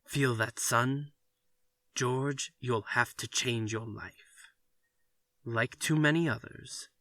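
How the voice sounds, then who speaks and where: A man's voice: mid-range voice, creaky, pushed and bright, no room sound, full character voice. Level-headed advisor, read by a man, dry and close. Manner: measured, blunt advice. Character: calm, frank family doctor friend. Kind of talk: reading a story aloud.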